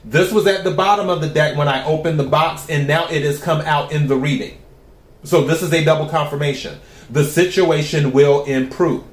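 A man giving a tarot reading to his viewers. He talks in a calm, even way and asks the cards the same question again and again. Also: fairly high pitch, a little fast, echoey room. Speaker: tarot reader.

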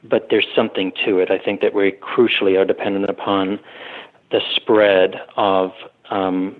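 A man's voice: low voice, level tone, normal speed. A man co-hosting a panel discussion, talking in a hesitant, rambling way with many fillers. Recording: tinny phone-like remote line.

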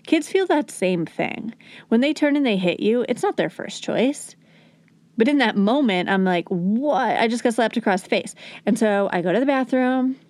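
A woman's voice: fairly high pitch, expressive, moderate pace, darkish tone, dry recording, studio quality. A woman hosting a parenting podcast, talking earnestly and coaching, at times acting out soothing words to a child. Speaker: podcast host and parenting educator. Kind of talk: conversational teaching talk.

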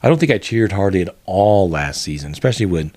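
An easygoing older man chatting on a podcast in a very deep voice. He fills his pauses with ums and uhs and talks in an unhurried way. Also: lively intonation, a little mellow. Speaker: podcast co-host. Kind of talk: casual chat.

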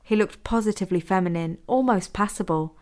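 A woman reading her own story aloud as an audiobook, in a steady, measured narration. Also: medium pitch.

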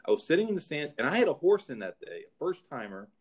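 A middle-aged show host and horse trainer tells rambling anecdotes in casual chat, frequently restarting. His voice is on the high side, very animated, fast and darkish in tone.

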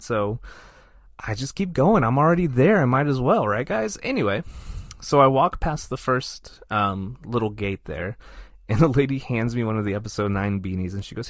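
Male podcast co-host, casual animated storyteller, dry close sound. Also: medium pitch, moderate pace, no room sound. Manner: animated, self-deprecating anecdote telling.

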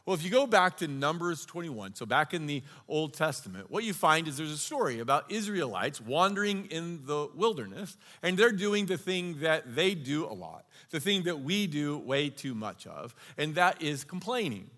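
Guy preaching a sermon, kinda high voice, talks like a conversation, lots of hall echo. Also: big pitch swings, normal speed, hardly any pauses, pushed and bright. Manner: earnest, conversational teaching. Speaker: pastor. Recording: long reverb of a large hall.

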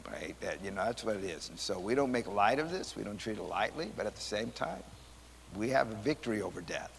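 A man, a pastor teaching Sunday school in a rambling, animated, conversational way, often repeating his words. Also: fairly low pitch, a little fast, gravelly, slight background noise. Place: church hall. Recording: church hall reverb.

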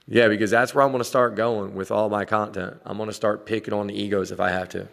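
A man's voice: lowish voice, little pitch movement, quick pace, vocal fry, hardly any pauses, a bit bright, long reverb tail. A man in his forties ranting casually to his viewers, blunt and full of swearing, laughing now and then. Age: 40s. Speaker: vlogger dad. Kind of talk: casual rant to camera.

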